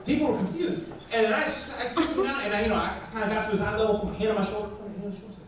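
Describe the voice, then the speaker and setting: A man with a strikingly high voice tells a sermon story in a loose, lively way, often breaking into laughter. He sounds distant from the mic. His voice rings around a very echoey hall. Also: rapid-fire, slight background noise. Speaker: pastor. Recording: very echoey church hall from far off.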